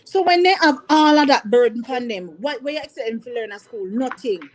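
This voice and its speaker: A woman's voice: on the high side, lively intonation, brisk, a little hiss or hum, low-quality recording. A woman teacher with a Jamaican accent, talking earnestly to parents and mixing in patois. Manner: emphatic, repeats points, mixes patois. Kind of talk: impassioned talk to parents.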